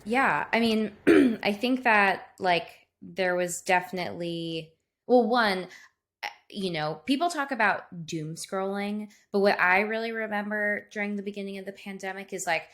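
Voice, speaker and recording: A woman's voice: medium pitch, moderate pace, a bit bright. A woman co-hosting a horror podcast, talking thoughtfully in casual chat and hedging with fillers. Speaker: podcast co-host.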